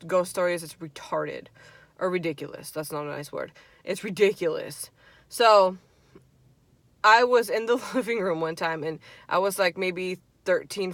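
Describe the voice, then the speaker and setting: A woman in her twenties telling a story on a vlog, animated and swearing freely, with lots of "like". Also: on the low side, no echo. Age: 20s. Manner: animated, profane, heavy "like" filler. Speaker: vlogger. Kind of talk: storytime chat.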